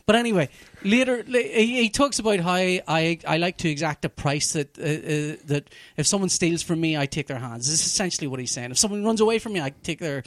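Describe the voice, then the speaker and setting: A man telling a TV plot in casual chat, animated and profane, full of restarts. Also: a little high, brisk, no room sound, studio quality. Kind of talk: casual chat, recapping a TV show.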